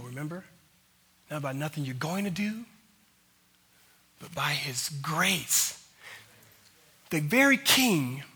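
Male pastor preaching a sermon: husky, bright, high-pitched, drops to hushed intensity and rises to fervent peaks.

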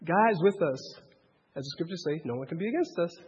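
Male pastor, high husky voice, animated conversational preaching; muffled lo-fi capture, long church reverb. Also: fast talker. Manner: direct, animated, checks in with listeners. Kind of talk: conversational sermon. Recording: dull lo-fi sound with long hall reverb.

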